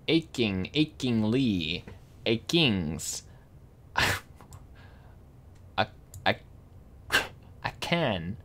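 A man casually reading dictionary words aloud, slowly sounding out hard ones, stumbling, correcting himself and adding dry amused asides. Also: lowish voice, fairly bright tone.

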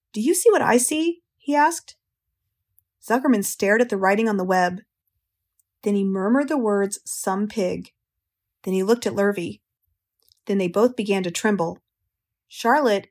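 An American woman narrating an audiobook in a calm, measured, gentle storytelling manner. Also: medium pitch.

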